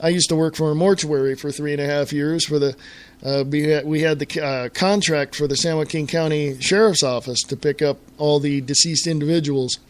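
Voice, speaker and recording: A middle-aged American man hosts his own internet radio talk show alone, in a fairly high voice. He rants in an exasperated way and keeps repeating and restarting his words as he gets worked up. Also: fairly even intonation, fairly quick. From United States. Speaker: host.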